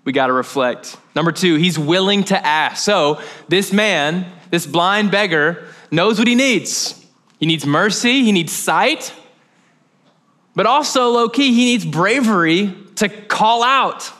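A young male pastor preaching in a loose, conversational way, full of jokes and asides. His voice sits high, bright and forward. He sounds animated and relaxed. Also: slow. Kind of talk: sermon.

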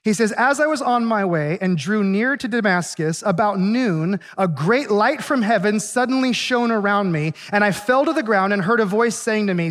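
A male pastor giving a sermon, retelling a Bible story in a conversational, animated way with acted asides. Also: sits high, moderate pace, hardly any pauses.

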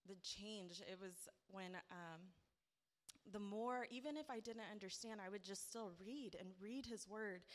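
A woman's voice: medium pitch, fairly bright tone. Earnest woman giving church testimony. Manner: earnest, heartfelt, rising to emphatic praise.

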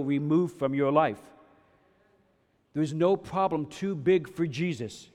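A man preaching a sermon, emphatic, shifting between loud bursts and hushed passages, often checking in with his listeners with "yes?" and "right?". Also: fairly high pitch, big-room sound. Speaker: pastor.

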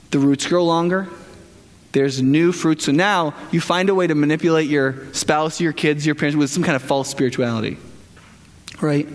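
A man's voice: a little high, long reverb tail. A man preaching a sermon as pastor, talking conversationally, tossing in "right?" and acting out what people say. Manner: conversational, keeps asking "right?", acts out quoted people.

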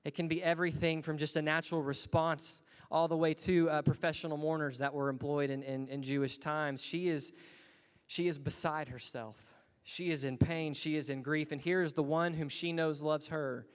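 A man's voice: a little high, fairly even intonation, moderate pace, clear, resonant tone, in a large hall. A man preaching a sermon in a church, earnest and building to emphatic bursts. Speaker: pastor.

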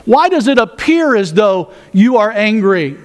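A man's voice: sits high, big pitch swings, a little slow. A man pastor preaching a sermon, folksy with joking asides, reading scripture aloud.

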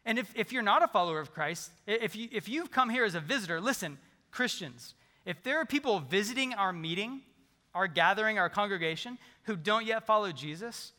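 A pastor preaches in a lively, conversational way, joking with his congregation. His voice is high and bright. The sound carries the long reverb of a large sanctuary. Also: fairly quick. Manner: animated, conversational preaching with humor. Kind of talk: sermon.

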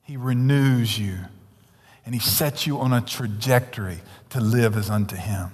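A male pastor preaching a sermon, swinging between loud emphatic declarations and hushed, near-whispered asides. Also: mid-range voice, unhurried, breathy edge. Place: church sanctuary. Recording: long hall reverb, church sanctuary.

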